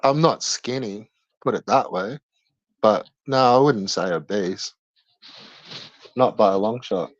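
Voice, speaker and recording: Brash Australian man, slow drawl. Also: on the low side, no room sound, lo-fi sound. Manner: brash, profane banter. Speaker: streamer. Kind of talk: casual chat answering viewers.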